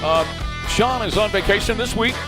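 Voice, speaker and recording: A man's voice: high voice, moderate pace, over loud music. A man hosting a morning talk radio show, enthusiastic and partisan, laughing often on a studio microphone.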